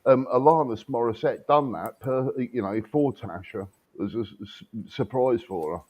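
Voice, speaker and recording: Husky man teasing on a live call. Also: mid-range voice, normal speed, a little mellow. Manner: teasing, joking. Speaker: guest on a livestream. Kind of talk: casual teasing chat.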